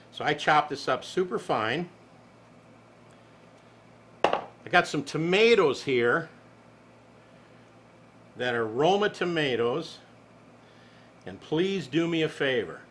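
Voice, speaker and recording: Bright folksy man cooking. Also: mid-range voice, a little hiss or hum. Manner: chatty, joking, down-home. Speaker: cooking show host.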